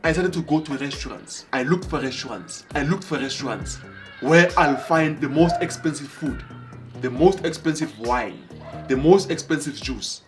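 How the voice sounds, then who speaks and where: A man from Africa, telling a motivational story in an animated way, acting out dialogue and repeating phrases for emphasis. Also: on the high side, moderate pace, over music. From South Africa. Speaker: motivational speaker.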